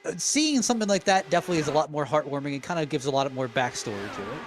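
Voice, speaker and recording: A man's voice: a little high, animated, very fast, a little hiss or hum. A man giving color commentary on a live race broadcast, working through pit strategy in an analytical way and leaning on the word "effectively".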